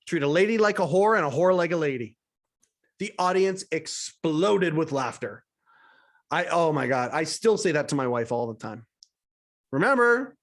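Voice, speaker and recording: Chuckling man, slightly high voice. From Canada. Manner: chuckles often between sentences and gets emotional. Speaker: podcast host. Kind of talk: reading aloud his own written story.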